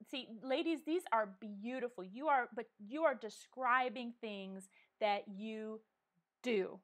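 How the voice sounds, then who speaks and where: A middle-aged woman talks into a clip-on microphone at home, hosting a casual live coffee chat. Her voice sits a little high. She speaks earnestly, stops and restarts her sentences, and fills the gaps with ums. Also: takes it slowly, a bit bright. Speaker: vlog host. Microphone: wearing a microphone.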